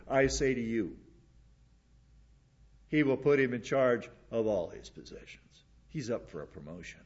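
A male pastor delivering a sermon, repeating words for emphasis and dropping into quiet asides. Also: medium pitch, dull audio.

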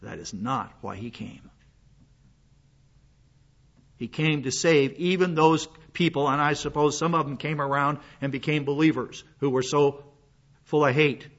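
A man's voice: fairly high pitch, a little slow, long pauses. An older man preaching a sermon as a pastor, in a folksy, rambling way with many fillers and restarts. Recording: dull lo-fi sound.

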